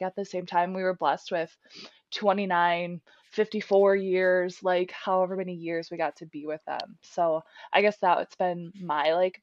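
A woman's voice: fairly low pitch, no room sound. A young woman co-hosting a podcast, candidly telling a personal story of loss, full of "like" fillers. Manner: frequent "like" fillers, candid and earnest. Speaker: podcast co-host. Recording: dull dry podcast audio.

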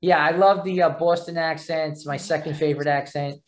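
An interviewer with a New York accent, chatting casually and filling pauses with "uh" and "um". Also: mid-range voice, steady tone. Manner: halting, with many "uh" and "um" fillers.

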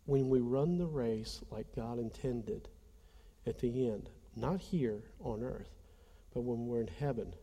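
A man's voice: medium pitch, takes it slowly, warm tone, long reverb tail. A man preaching a conversational sermon, telling a personal story earnestly and speaking straight to his congregation. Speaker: pastor.

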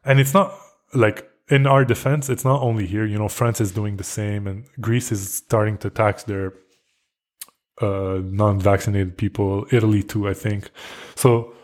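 Angry, profane man ranting alone, low-pitched. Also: fairly even intonation, unhurried. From Quebec, Canada. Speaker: podcast host. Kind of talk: solo rant.

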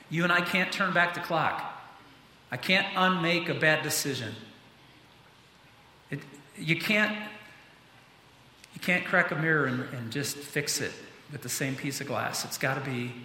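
Bright-voiced man preaching in an echoey hall. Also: fairly high pitch, measured pace, pauses often, slight background noise. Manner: earnest preaching, rising to emphatic peaks. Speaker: pastor. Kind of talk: sermon. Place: church sanctuary.

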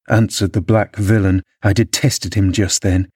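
Low-voiced man narrating a classic novel. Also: husky, no echo, clean studio sound. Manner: measured, expressive storytelling. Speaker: audiobook narrator.

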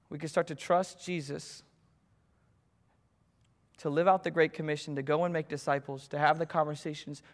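A young man preaching a sermon, telling a personal story and swinging between loud urgency and hushed intimacy. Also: on the high side. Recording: hall reverb.

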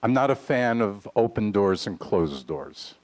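Slow, low-voiced male preacher. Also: lively intonation, a little mellow. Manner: earnest, deliberate preaching with scripture readings. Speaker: pastor. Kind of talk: sermon. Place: congregation hall.

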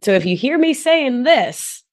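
A woman guest on a podcast, a wellness and somatics coach who talks in an effusive, playful way, dropping soft and then rising to exclaim. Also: sits high, very animated, unhurried. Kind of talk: casual podcast conversation.

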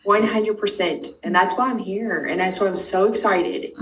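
A middle-aged woman, a guest, telling her own story quickly and emphatically, acting out the dialogue she quotes. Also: medium pitch. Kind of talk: animated personal storytelling. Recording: distant mic with faint noise.

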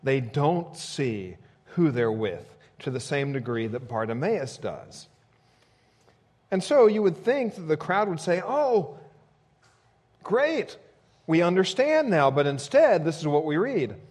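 Male pastor, sermon, expressive, wide pitch swings, slightly high voice. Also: unhurried, breathy edge. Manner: expressive preaching, voice rising sharply for quoted shouts.

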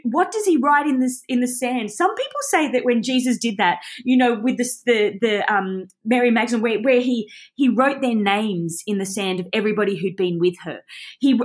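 A woman with a somewhat high voice gives a heartfelt Bible teaching. She talks casually and with passion, often restarting her sentences as she goes. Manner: passionate, conversational, rambling with restarts.

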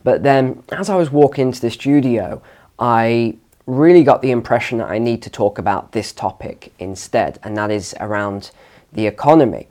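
A man's voice: mid-range voice, darkish tone. A man hosting a finance channel, speaking straight to camera in a confident, emphatic way about economic numbers. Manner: confident, emphatic, lectures on numbers over emotion. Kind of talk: direct-to-camera commentary. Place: home studio.

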